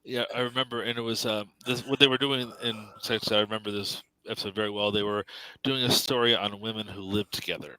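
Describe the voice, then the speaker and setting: A man's voice: on the low side, fairly even intonation, fairly quick, sharp tone, clear, resonant tone, no echo, rough recording. A man talking casually as a podcast guest, chatty and agreeable with some fillers. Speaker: guest, caucus president. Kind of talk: casual conversation.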